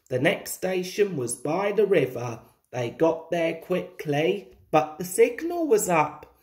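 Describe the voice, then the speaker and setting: A woman reads a children's storybook aloud in a gentle, confiding way. She takes her time, and her voice sits low but moves a lot in pitch. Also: big pitch swings, slow pace.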